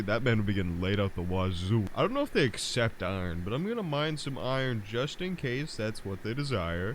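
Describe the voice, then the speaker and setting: A young man giving crude, joking commentary over his own gameplay, brash and prone to excited outbursts. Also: on the low side, a little hiss or hum. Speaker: gaming YouTuber.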